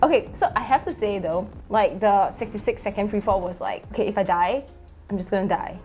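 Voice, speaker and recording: A young woman vlogger talking excitedly over her own video, full of exclamations and fillers, with faint music behind her. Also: mid-range voice, brisk. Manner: gushing, exclamatory, many fillers.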